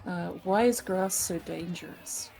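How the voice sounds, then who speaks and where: A woman playing a tabletop game, slow and hesitant, cracking playful jokes. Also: lowish voice, gravelly, warm tone. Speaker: player.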